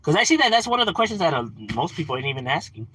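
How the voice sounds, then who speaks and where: A man's voice: a little high, a bit bright, slightly rough. A man ranting casually on a livestream, swearing, slangy and laughing often. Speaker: livestream host.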